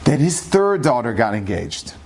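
Lively male rabbi telling a story. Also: mid-range voice, normal speed, husky. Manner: lively storyteller who acts out the dialogue, with Hebrew and Yiddish words. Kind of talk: storytelling podcast.

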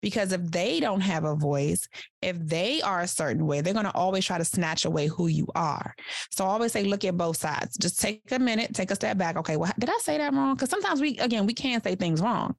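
A woman life coach giving casual podcast advice in a direct, animated way, acting out little examples as she talks. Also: medium pitch, fairly quick, gravelly, dry recording, studio quality. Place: studio couch.

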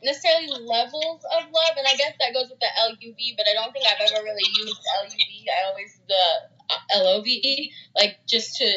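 A woman's voice: fairly high pitch, a little fast, few pauses. A woman chatting in a casual group talk, earnest and rambling, often restarting her thoughts. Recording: dull lo-fi audio, loud noise.

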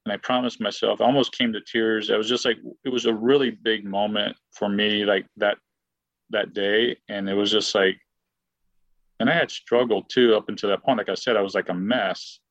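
Gravelly low-voiced man telling a story. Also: steady tone, normal speed, a bit bright, dry recording, muffled recording. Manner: rambling, filler-heavy, with frequent restarts and acted-out quotes. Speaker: guest, former baseball player. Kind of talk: casual anecdotal storytelling.

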